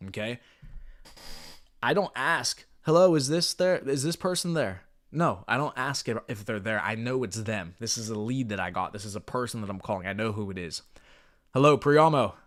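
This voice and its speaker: A man's voice: lowish voice, normal speed, fairly bright tone. A man coaching phone sales in a live stream, talking in an intense, hyped-up, blunt and profane way. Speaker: sales trainer.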